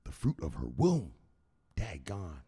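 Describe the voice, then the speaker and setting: Host man, slow gravelly delivery, lively swoops, comic storytelling vlog. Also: low voice, long reverb tail. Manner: animated, acts out scenes, laughs at own jokes. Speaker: crypto news channel host.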